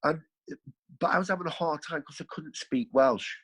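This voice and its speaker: A man's voice: fairly high pitch, normal speed, fairly bright tone, slightly rough, poor audio. A man, a podcast guest, telling his life story in a rambling, earthy way, correcting himself as he goes. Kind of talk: candid storytelling.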